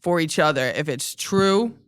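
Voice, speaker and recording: A woman's voice: sits low, expressive, smooth. A woman hosting a comedy podcast, chatting casually, joking and laughing often. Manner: giggly, jokey, quick to laugh. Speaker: podcast host.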